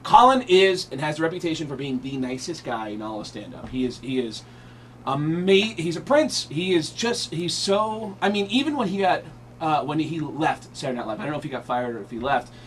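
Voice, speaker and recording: Comedian guest, a man in his thirties, a bit high-voiced, loose and chatty on radio. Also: animated, a little fast, a little hiss or hum. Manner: chatty, breezy storyteller with frequent fillers. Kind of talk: telling stories in a radio interview.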